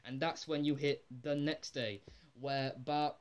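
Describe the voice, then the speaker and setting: A man giving a casual, rambling spoken recap of a TV episode, excitable, with lots of "like" fillers and casual swearing. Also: a little high, measured pace, clear, resonant tone. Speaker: episode reviewer.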